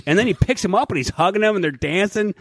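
A man co-hosting a casual podcast, telling stories in an animated, profane way. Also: high voice, fast, no echo, studio quality.

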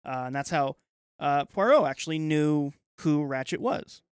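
A man co-hosting a podcast in casual chat, agreeable and quick to say yes while retelling a film's plot. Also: a little high, expressive, smooth, dry recording, studio quality. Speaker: podcast co-host.

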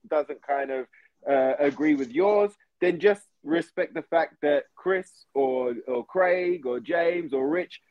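A man's voice: on the high side, a little mellow, dry recording, dull audio. A man who is a podcast guest, talking earnestly and emphatically in casual chat.

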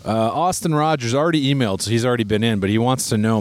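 A man co-hosting a comedy podcast and reading listener emails aloud. He talks in a playful, easygoing way with a middle-range pitch. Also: rapid-fire, hardly any pauses. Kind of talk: casual comedy banter.

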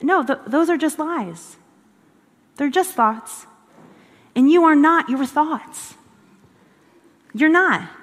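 A woman's voice: high-pitched, lively intonation, slow pace, pauses often. A woman giving a conversational devotional teaching in an earnest way, repeating phrases for emphasis. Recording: long hall reverb.

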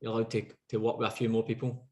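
Man, podcast co-host, rapid speech, teasing banter, casual. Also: lowish voice, monotone, warm tone. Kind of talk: casual chat.

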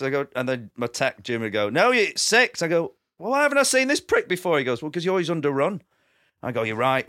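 Animated comedian with a bright voice. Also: male voice, medium pitch. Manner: animated storyteller, acts out quotes, laughs often. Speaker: comedian guest. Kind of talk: casual podcast chat.

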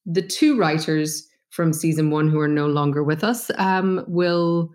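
A woman's voice: sits low, steady tone, measured pace, a little mellow. A woman guest on a podcast, chatting casually with frequent laughs.

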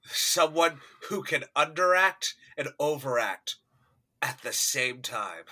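Brief: lively podcast co-host, man, very bright and somewhat high, jumps around in pitch. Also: slow. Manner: animated, laughs often, mimics actors with loud outbursts. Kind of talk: casual movie review chat.

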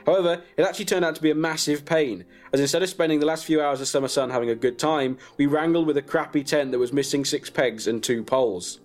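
Deadpan man telling a comic story. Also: fairly high pitch, quick pace, few pauses, soft background music. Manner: deadpan, chuckling at his own jokes. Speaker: comedian storyteller.

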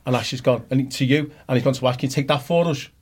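A man chatting on a podcast, jumping in quickly to correct a friend's story. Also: mid-range voice, fairly even intonation, crowd noise. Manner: rapid, cuts in to correct the story. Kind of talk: casual chat.

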